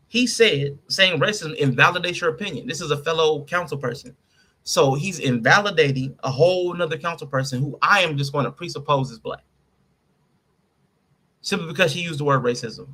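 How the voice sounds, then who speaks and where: Podcast guy reading quotes and tearing into them, kinda high bright voice. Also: breathy edge. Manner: reads out quotes and picks them apart, laughing with his co-host. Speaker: podcast host. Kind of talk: casual commentary.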